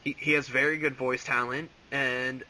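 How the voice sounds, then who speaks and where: A young fan voice actor guests on an interview, rambling casually with lots of "like" and "um" and frequent laughter. His medium-pitched voice is bright and forceful yet flat in delivery, at a moderate pace, captured on a rough recording.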